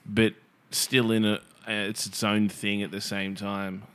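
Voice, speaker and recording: Wry man, lowish voice. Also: level tone, unhurried, fairly bright tone, smooth. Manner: wry, laughs often, jokey asides. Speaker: podcast co-host. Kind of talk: casual chat.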